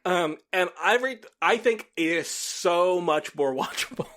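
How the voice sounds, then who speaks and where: A man's voice: high-pitched, animated, a little slow, fairly bright tone. A man co-hosting a podcast in casual chat, swearing freely, laughing often and acting out what other people say. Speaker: podcast co-host.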